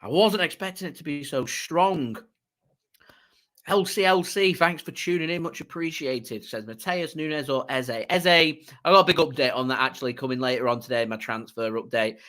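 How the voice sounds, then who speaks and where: A man's voice: on the high side, normal speed, pushed and bright. Chatty man hosting a live watchalong. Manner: chatty, reads out viewer messages, laughs easily. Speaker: fan channel host doing a live watchalong. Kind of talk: live stream chat and match commentary. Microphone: desk microphone.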